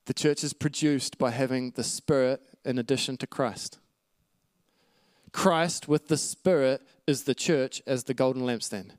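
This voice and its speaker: A man's voice: mid-range voice, unhurried, no room sound. A man preaching a sermon, teaching earnestly from scripture with asides to the congregation. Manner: earnest teaching with scripture references, occasional light laughs.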